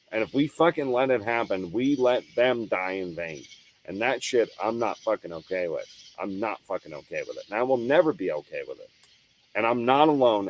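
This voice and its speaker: A man's voice: on the low side, darkish tone, rough recording. A man hosting his own show, giving a heated, profane, unscripted monologue with hard emphasis and frequent restarts. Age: adult. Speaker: show host.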